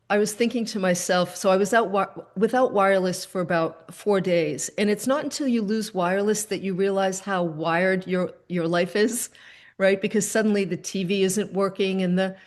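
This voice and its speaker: An older woman hosting a video call gathering, telling a personal story in a gentle, unhurried way and acting out both sides of the dialogue. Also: medium pitch. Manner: gentle, unhurried, acts out the dialogue in her stories. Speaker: host.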